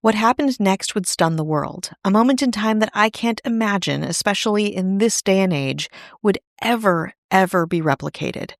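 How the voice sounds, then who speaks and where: A woman's voice: medium pitch, lively intonation, normal speed, gravelly, no room sound, studio quality. A woman podcast host giving a scripted storytelling narration, dropping in wry asides. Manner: wry asides in a serious telling.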